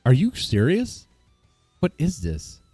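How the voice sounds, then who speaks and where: A man's voice: fairly high pitch, wildly swooping pitch, takes it slowly, mellow, husky, no echo. A man streaming live, reacting with bemused chatter to his viewers and stammering when surprised. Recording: dry close mic with faint guitar music.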